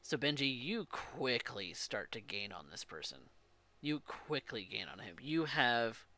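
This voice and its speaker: A man's voice: mid-range voice, measured pace. A man narrating a tabletop role-playing game as game master, restarting phrases as he goes. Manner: animated narration with frequent restarts.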